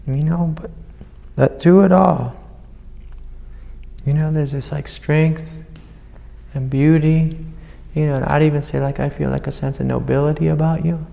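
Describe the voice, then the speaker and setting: A man with a gravelly, mellow voice guides a student as a spiritual teacher. He speaks gently and soothingly, with a long reverb from the hall around him. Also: on the high side, fairly even intonation, measured pace, pauses often. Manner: gentle, soothing, calls the listener sweetie. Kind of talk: satsang guidance to a student.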